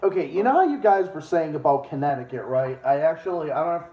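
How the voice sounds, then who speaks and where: A man's voice: fairly high pitch, lively intonation, quick pace. A man from Massachusetts with a New England accent, hosting a casual stream chat, talking bluntly, rambling and swearing freely. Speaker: streamer host. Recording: echoey room, dull sound, faint noise.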